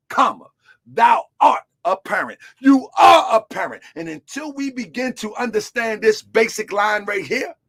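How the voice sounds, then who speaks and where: A man preaching a sermon as a religious teacher, shouting key words, then dropping to quiet asides, and asking listeners to answer back. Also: very high voice. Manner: call-and-response questions to listeners.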